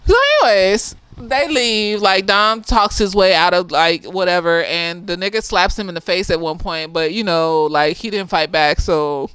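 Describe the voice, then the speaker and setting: A slightly tipsy woman, a therapist, giving a casual film review in an animated way, laughing often and swearing freely. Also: on the low side, a little slow, few pauses, smooth.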